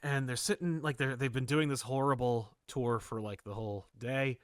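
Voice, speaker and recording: A man co-hosting a comic book podcast in a casual, animated chat. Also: mid-range voice, moderate pace, clean tone, dry recording, studio quality. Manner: animated, jumps into quoted voices and laughs. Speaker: podcast co-host.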